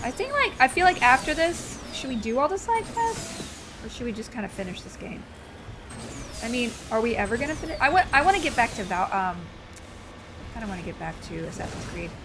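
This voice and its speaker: A woman in her forties chatting excitedly while playing a game live, with loud exclamations. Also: on the high side, noisy background. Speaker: streamer. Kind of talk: live gameplay commentary.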